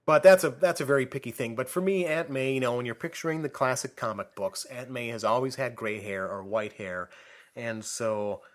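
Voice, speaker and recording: A man in casual conversation, giving measured, slightly picky opinions about movies. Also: medium pitch. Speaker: co-host of a movie discussion. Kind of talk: casual chat.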